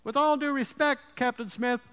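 A man doing a polite young sailor who stays calm and will not budge. He speaks in a steady, high voice, and the sound carries a long reverb. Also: normal speed, clean tone. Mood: calm firm. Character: calm, unbending young male lighthouse keeper.

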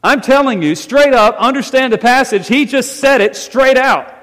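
A man preaching a sermon as pastor, with animated emphasis that rises and falls as he drives his points home. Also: very high voice, normal speed. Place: church sanctuary. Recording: long reverb of a church hall.

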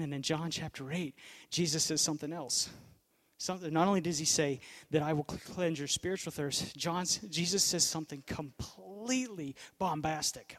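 A young male pastor preaching a sermon with a notably high voice. He tells the story casually, like talking to friends, and swings from raised stretches down to hushed, quiet moments.

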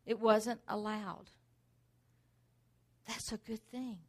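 A woman's voice: mid-range voice, steady tone, slow pace. A middle-aged woman preaching a sermon, driving points home with rhetorical questions and repeated exhortations.

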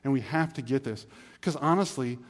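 A man preaches from the pulpit in a sanctuary, his voice carrying a long echo through the hall. He pleads and reasons in a loose, conversational way, slipping into quick acted asides. His pitch sits in a plain middle range. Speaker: pastor. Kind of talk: sermon. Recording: reverberant hall.

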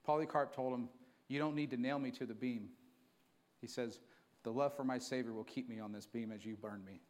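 A man preaching a sermon to his church, moving from quiet storytelling to fervent, emphatic preaching. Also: mid-range voice, steady tone, brisk. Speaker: pastor.

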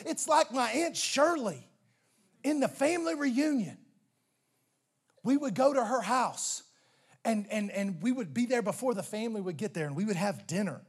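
Delivering his sermon, this husky-voiced pastor is animated, alternating loud emphasis with low, slow passages, and he stammers through a few restarts.

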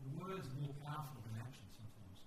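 A man's voice: mid-range voice, very animated, rapid-fire. A man preaching a storytelling sermon, candid and conversational, often restarting his sentences. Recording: echoey hall, distant mic, faint noise.

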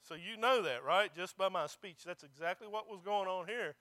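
A man preaching a sermon in a strikingly high, piercingly bright voice. His tone is smooth and resonant as he presses his points and calls out for amens from the congregation. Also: normal speed. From not local to the congregation. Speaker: pastor.

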